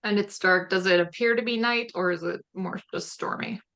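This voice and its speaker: A woman's voice: medium pitch, normal speed, a bit bright, smooth. A woman player in a tabletop game who speaks in terse, formal phrases. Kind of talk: casual tabletop play.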